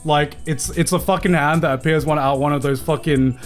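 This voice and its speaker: A man's voice: fairly high pitch, fairly even intonation, a little fast, soft background music. A man streaming live, reacting to fan-made edits in a casual, incredulous way, swearing and laughing often.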